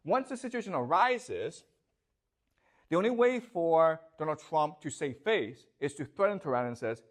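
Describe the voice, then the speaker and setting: A man's voice: a little high, very animated, unhurried, long pauses. A male professor giving a classroom lecture, emphatic and questioning, who keeps checking in with the class.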